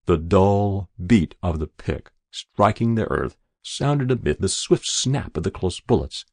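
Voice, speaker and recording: A man narrating a short story in a slow, measured reading. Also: low-pitched, expressive, creaky, darkish tone, breathy edge, dry recording, studio quality.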